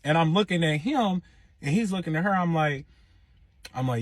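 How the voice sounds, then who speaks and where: A young man tells a wild personal story in a husky, breathy voice, with a dry, close sound. He swears freely and keeps checking in with his listener as he goes. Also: on the high side, normal speed, no echo. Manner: animated, profane, says 'you know what I'm saying' a lot. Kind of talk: casual storytime monologue.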